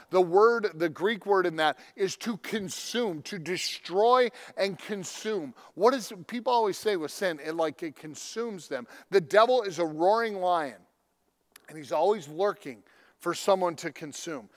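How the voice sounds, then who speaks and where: A male pastor preaching a sermon in a conversational storytelling way, with sudden loud emphatic lines. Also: high voice.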